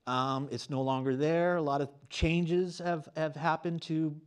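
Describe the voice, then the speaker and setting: Teary, halting man giving a thank-you speech. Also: on the high side, fairly even intonation, clear, resonant tone. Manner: halting, full of fillers, earnest. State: on the verge of tears. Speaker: award winner and graduate student. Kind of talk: emotional acceptance speech. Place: on stage at a campus award show.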